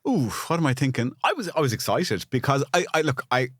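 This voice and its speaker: A man's voice: medium pitch, very animated, no room sound, clean studio sound. A man in his forties with an Irish accent, speaking candidly as a podcast guest, often restarting and repeating words as he finds his thoughts. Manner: halting restarts, repeats words, grows emotional. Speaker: guest, architect and TV presenter. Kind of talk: candid conversational interview.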